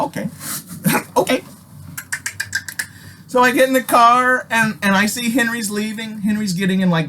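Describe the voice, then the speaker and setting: A middle-aged man from Alaska telling a story casually, swearing constantly and jumping loudly when he acts out what people said. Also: medium pitch, a little hiss or hum. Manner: animated, swears constantly, acts out quotes with loud jumps.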